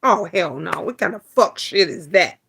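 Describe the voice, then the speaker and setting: A woman's voice: lowish voice, animated, normal speed, gravelly, fairly bright tone, slightly rough. A middle-aged woman hosting a casual livestream, chatting bluntly and profanely with viewers, restarting and repeating her words. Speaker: livestream host. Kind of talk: casual livestream chat reading viewer comments.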